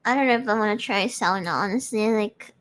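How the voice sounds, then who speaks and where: A woman's voice: medium pitch, fairly quick. A woman chatting casually with her audience, giggling often. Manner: giggly, chatty, frequent laughter. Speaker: streamer hosting a live audio space. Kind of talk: casual chat reading audience comments.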